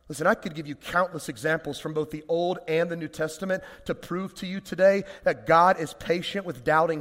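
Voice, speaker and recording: Animated male pastor preaching. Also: fairly high pitch. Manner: conversational, animated preaching with rhetorical questions. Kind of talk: sermon. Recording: long reverb of a large hall.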